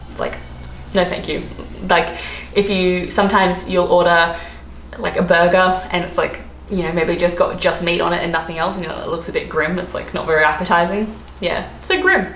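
In a casual explainer vlog, an Australian woman with a medium-pitched, slightly bright voice rambles and giggles while covering slang. Faint background noise and a roomy echo come through in the recording.

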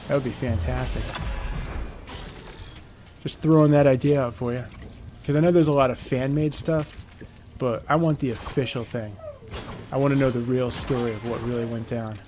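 A man's voice: medium pitch, fairly even intonation, normal speed, long pauses, warm tone, a little hiss or hum. A man giving casual, chatty commentary on his own moves as he plays a video game. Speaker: gameplay commentator.

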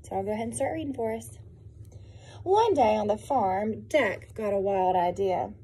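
A woman, a preschool teacher, reading a picture book aloud to young children in a gentle, encouraging, expressive way. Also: mid-range voice, normal speed, slightly rough.

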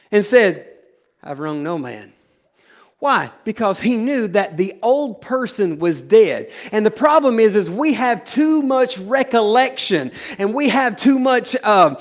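Pastor guy preaching in church, high voice, gets loud then goes low and jokey. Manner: swings from loud preaching to low, joking asides. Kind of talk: sermon. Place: church sanctuary.

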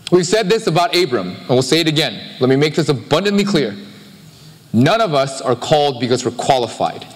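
Animated pastor preaching in a reverberant hall. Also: male voice, a little high. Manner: conversational, animated preaching with quick asides. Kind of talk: sermon. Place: church sanctuary. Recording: live-streamed sermon with long hall reverb.

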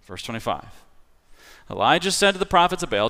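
A man preaching a sermon as pastor. He talks in a conversational, animated way, telling the story with everyday fillers. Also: a little high, a little fast, pauses often. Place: church sanctuary. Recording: long reverb of a large hall.

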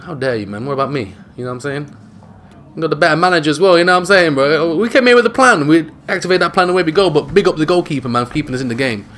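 A man's voice: fairly high pitch, expressive, rapid-fire, a bit bright, slight background noise. A man voicing a brash male footballer giving a post-match interview, cocky and slangy. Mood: boastful. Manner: cocky, slangy, says "man" and "bro" a lot.

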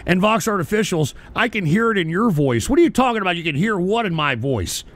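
A man's voice: sits high, sing-song, fast talker, fairly bright tone. A man hosting a comedic call-in radio bit in character, brash and crude, throwing boastful insults at callers.

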